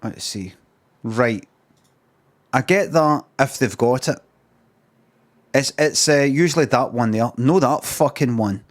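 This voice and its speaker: A middle-aged Scottish man rambling through a comic rant on a live stream. He swears constantly, circles back and repeats himself, and keeps a plain, average pitch. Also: slow, pauses often.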